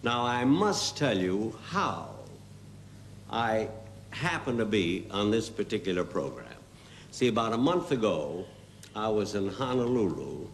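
A man telling a slow, deadpan comic story as a guest comedian on a TV variety show, full of pauses and asides. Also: fairly low pitch, creaky. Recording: hissy 1970s TV broadcast recording.

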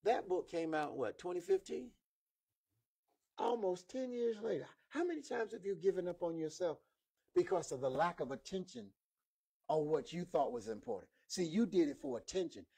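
A man with a notably high voice preaches a sermon. He hammers points with repetition and pulls call-and-response answers from his listeners. The sound comes through a modest microphone. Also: expressive, normal speed, warm tone, slightly rough. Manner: emphatic, repeats key lines, call-and-response with listeners. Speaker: preacher and lead instructor.

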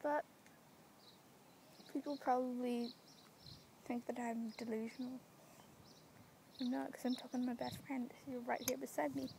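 A young woman from the UK vlogging into her phone in a public street, talking quietly and self-consciously, rambling and often slipping into a whisper. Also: high voice, level tone, unhurried, vocal fry, pauses often, noisy background. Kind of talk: casual vlog to phone. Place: outdoors in public, residential street. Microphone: phone camera.

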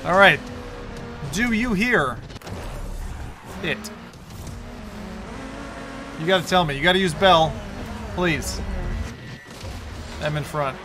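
A man streaming a VR racing game, talking casually, excitable and swearing freely. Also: high voice, slow pace, long pauses, over music. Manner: excitable, swearing, laughing a lot. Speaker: VR gaming streamer. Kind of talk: casual live-stream commentary.

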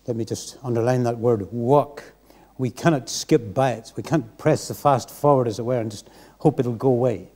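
A man's voice: medium pitch, lively intonation, moderate pace, dark tone. A man preaching a sermon in church, earnest and reflective. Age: 60s.

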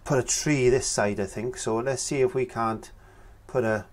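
A man's voice: mid-range voice, steady tone, normal speed. A man teaching a painting tutorial, chatting casually and thinking aloud as he works. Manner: chatty, thinks aloud with fillers while working. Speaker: painting instructor.

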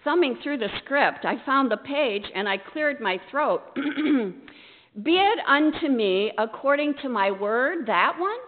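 A woman pastor giving a storytelling sermon in a church sanctuary, unhurried, acting out her own hesitant, self-deprecating lines. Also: sits high, lively intonation. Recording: echoey church over a tinny line.

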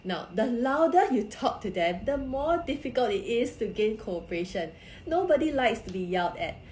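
A woman giving parenting advice on a live stream, speaking calmly and explaining step by step while addressing her viewers directly. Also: on the high side, moderate pace, a little hiss or hum. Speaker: parenting coach. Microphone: phone or computer for a social media live stream. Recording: echoey room.

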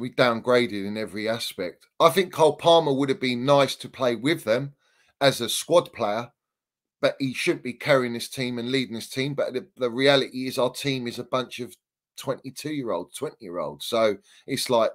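A man's voice: mid-range voice, normal speed. A man, a guest on a football podcast, ranting heatedly in casual debate. He swears freely and hammers his points home by repeating them. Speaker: Chelsea fan guest.

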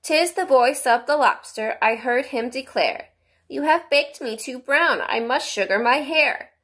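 A woman's voice: high-pitched, unhurried, a bit bright, voice pushed up. A woman voicing the young girl Alice in a bedtime storybook reading, with a lilting, sing-song lift. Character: young girl Alice, polite but exasperated.

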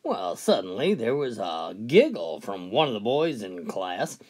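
A man telling jokes in a folksy storytelling manner and putting on quick voices for the characters. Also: very animated, a little mellow, breathy edge. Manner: folksy, drawn-out delivery, pitch swinging widely between characters. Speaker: joke teller.

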